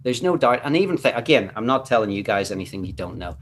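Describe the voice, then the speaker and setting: A man with a Northern Irish accent, a guest on a casual chat show, telling stories in an animated way. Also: mid-range voice, fast talker, slight background noise. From Northern Ireland. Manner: animated storyteller who acts out quotes.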